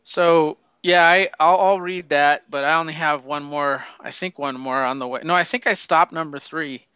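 A man's voice: a little high, steady tone, normal speed, bright, forceful tone, clear, resonant tone, dry recording, dull audio. A man in casual comic book chat, loose and profane, laughing often and stumbling over his words.

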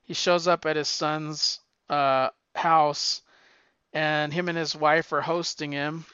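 A man's voice: a little high, flat delivery, slow, bright, forceful tone, smooth, no room sound, lo-fi sound. A man casually chatting as a podcast co-host, rambling and stumbling over restarts and fillers. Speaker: podcast co-host reviewing comics. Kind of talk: casual chat.

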